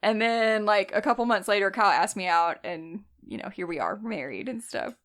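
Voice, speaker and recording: A young woman, a nurse telling stories in casual chat, animated and often laughing. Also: mid-range voice, fairly quick. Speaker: guest, nurse.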